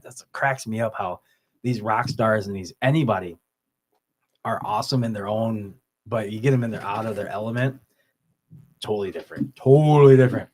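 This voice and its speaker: A man telling stories in casual podcast chat, often laughing and acting out the voices of people he quotes. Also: lowish voice. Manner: swears casually, repeats words. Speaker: podcast host.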